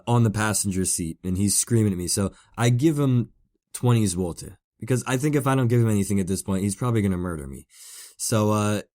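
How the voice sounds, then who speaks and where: A man's voice: lowish voice, darkish tone. A man hosting a podcast, telling a casual story in a rambling way with many fillers and repeated words. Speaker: podcast host.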